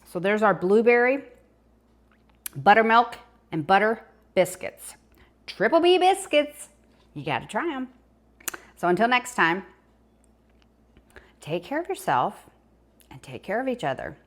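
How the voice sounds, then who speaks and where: A woman's voice: medium pitch, very animated, measured pace, long pauses. An older woman with a Southern US accent, chatting folksily through a casual home cooking demonstration. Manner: chatty, folksy, talks while eating.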